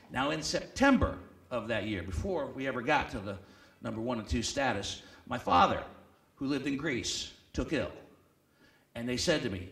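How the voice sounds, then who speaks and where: A man emceeing a live event, telling a comic story with loud animated bursts and hushed deadpan asides. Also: medium pitch, a little fast. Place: banquet hall at a club event. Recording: echoey hall, distant mic.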